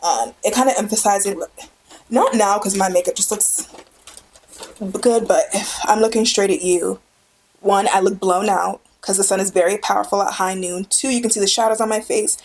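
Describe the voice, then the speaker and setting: A young woman speaking straight to the camera in a friendly, easygoing tutorial voice. She sits at a middle pitch and talks in a chatty, upbeat way, stressing her points by repeating them. It sounds like a casual indoor vlog recorded on the camera's own mic. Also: fairly even intonation, normal speed. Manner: chatty, enthusiastic, emphatic repetition. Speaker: photography tutorial host. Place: indoors with a studio light.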